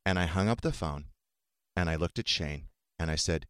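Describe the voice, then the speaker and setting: Low-voiced man telling a hurtful story. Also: normal speed, a bit bright, smooth, no room sound, clean studio sound. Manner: emotional, acts out quoted dialogue. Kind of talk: casual chat, personal storytelling.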